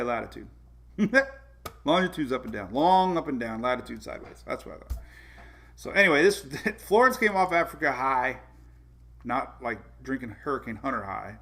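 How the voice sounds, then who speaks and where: A man's voice: medium pitch, a bit bright. A man hosting a casual weather livestream, rambling and correcting himself, chuckling and reading out viewer comments. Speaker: weather show host.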